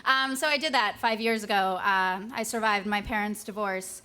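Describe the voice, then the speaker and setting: A woman's voice: mid-range voice, moderate pace, pushed and bright, clear, resonant tone. A woman in her twenties telling a comic personal story on stage, wry and self-deprecating with punchy delivery.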